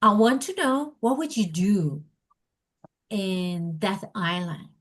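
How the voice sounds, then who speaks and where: Slow-speaking woman teacher trainer. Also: medium pitch, animated. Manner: acts out student and teacher dialogue, non-native phrasing.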